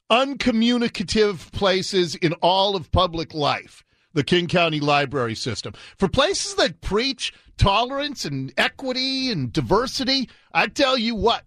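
A man's voice: a bit bright, no room sound, clean studio sound. Sarcastic male radio host. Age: 50s. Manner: sarcastic, mocking, swings in pitch. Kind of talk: talk radio commentary.

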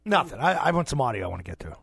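A man's voice: mid-range voice, big pitch swings, very fast, gravelly, fairly bright tone, breathy edge, no echo, clean studio sound. A man co-hosting a radio show, joking and teasing his co-hosts in casual banter.

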